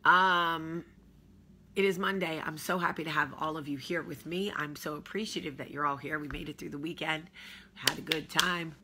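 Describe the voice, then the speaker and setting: Woman, 30s, casual vlog host, low bright voice, unhurried drawling storyteller. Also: fairly even intonation, breathy edge. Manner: chatty, drawling, warm storytelling with sighs and yawns. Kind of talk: casual morning chat.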